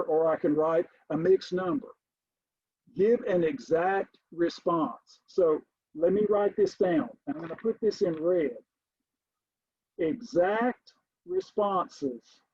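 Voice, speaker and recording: Emphatic man lecturing on math, husky voice. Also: a little high, dry recording. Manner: emphatic, repeats key points, addresses "ladies and gentlemen". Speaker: college math instructor. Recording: dull, lo-fi lecture recording.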